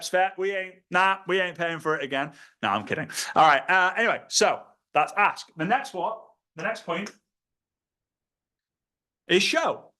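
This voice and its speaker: A man giving an energetic sales training talk, acting out prospects and himself in quick little voices. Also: on the high side. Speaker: network marketing trainer.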